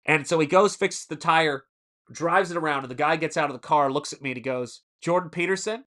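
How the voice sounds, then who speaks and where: A man's voice: on the high side, fairly even intonation, fairly quick, bright, forceful tone. A man in his forties hosting a casual live stream, telling rambling stories and stopping to answer the chat. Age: 40s. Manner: rambling storyteller who answers chat mid-story.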